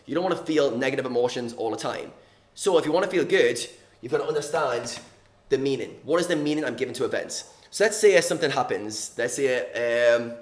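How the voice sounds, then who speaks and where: A man coaching viewers on mindset, explaining earnestly and repeating key words, sometimes acting out little examples. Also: mid-range voice. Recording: echoey room.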